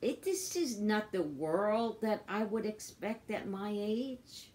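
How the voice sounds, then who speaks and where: A woman's voice: mid-range voice, lively intonation, slow, darkish tone. An older woman, stressed and upset, in an angry personal vlog rant, swearing and repeating herself. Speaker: vlogger.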